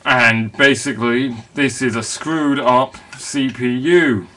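A man's voice: mid-range voice, slow pace, sharp tone. A man with a put-on East London accent, ranting in a mock-outraged, sarcastic way into a webcam. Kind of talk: ranting vlog.

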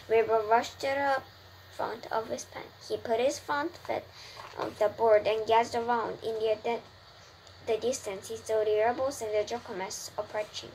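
Woman reading a storybook aloud, slightly high. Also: background noise. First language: Korean. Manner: careful, with small restarts. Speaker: reader.

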